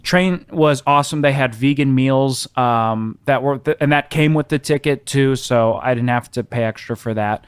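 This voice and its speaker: A young man casually telling a funny travel story on a podcast, animated, laughing often, with many ums. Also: mid-range voice, normal speed, hardly any pauses, clear, resonant tone, no room sound. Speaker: podcast co-host.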